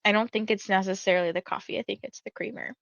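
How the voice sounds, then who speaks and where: A woman's voice: mid-range voice, steady tone, fast talker, gravelly, a bit bright, dry recording. Chatty woman in her thirties, dry sound. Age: 30s. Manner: chatty, rambling, reads viewer comments aloud. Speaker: livestream host. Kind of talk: casual livestream chat.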